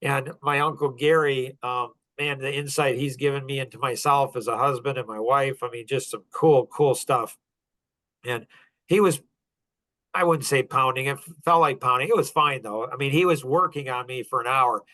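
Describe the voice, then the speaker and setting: A man's voice: medium pitch, normal speed, pushed and bright, no echo. A middle-aged man hosting a podcast, telling a personal story in an earnest, heartfelt way, often restarting his sentences. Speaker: podcast host.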